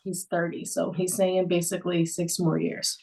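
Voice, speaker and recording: A woman co-hosting a casual sports podcast, relaxed as she brings up news items. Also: fairly low pitch, moderate pace, gravelly, slightly rough, low-quality recording. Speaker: podcast co-host.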